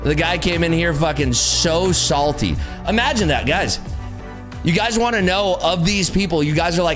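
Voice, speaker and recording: A man's voice: on the high side, expressive, moderate pace, a bit bright, soft background music. A man hosting a trading livestream, ranting in a brash, profane, taunting way. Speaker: livestream host and day trader. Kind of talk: casual livestream rant.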